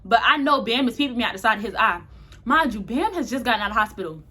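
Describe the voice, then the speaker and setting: A woman's voice: fairly high pitch, lively intonation, quick pace, sharp tone, husky. Chatty young woman telling a story. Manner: chatty, frank, laces story with profanity; talks a bit tipsy and loose. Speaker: vlogger. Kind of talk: casual storytime.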